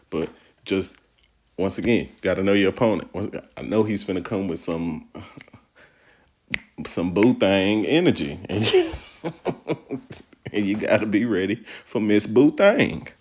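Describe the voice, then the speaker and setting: A man's voice: sits low, unhurried, pauses often, darkish tone, slight background noise. A male stand-up comedian from Texas giving casual, playful, slangy commentary on his own set and laughing often. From Texas, USA.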